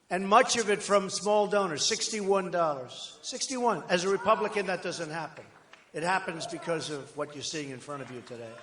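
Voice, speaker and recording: A political candidate addresses a large rally hall, his voice sitting high, pushed and bright, with a slight hiss or hum. His speech is boastful and repetitive, full of rambling asides. The hall is echoey, with long reverb.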